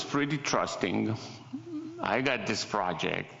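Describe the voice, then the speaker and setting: A man's voice: deep voice, animated, takes it slowly, vocal fry, fairly bright tone. An older man in his seventies with an Italian accent, telling wry, self-mocking stories during a guest lecture. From Italy. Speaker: designer giving a guest lecture. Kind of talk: anecdotal lecture storytelling. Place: lecture hall. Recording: echoey hall, dull lo-fi sound.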